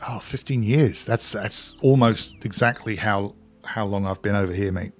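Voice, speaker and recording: A man's voice: lowish voice, normal speed, faint music behind. A man from England with a mix of English and Scottish accent, chatting casually with viewers on a live game stream. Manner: chatty, reads out and answers chat while playing.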